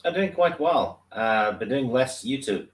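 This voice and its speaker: A man's voice: medium pitch, animated, moderate pace. A male guest in casual chat, laid-back and wry. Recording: roomy, distant from mic.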